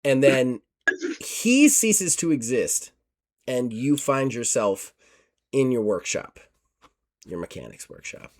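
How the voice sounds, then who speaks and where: A man's voice: medium pitch, big pitch swings, slow, long pauses. Casual male horror game master. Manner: casual, many fillers, self-correcting. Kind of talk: narrating a tabletop horror game.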